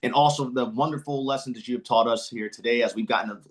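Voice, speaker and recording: A podcast co-host thanks the guest warmly and sincerely. The voice sits at a middle pitch. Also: fast. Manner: warm, heartfelt thanks. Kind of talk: casual podcast interview.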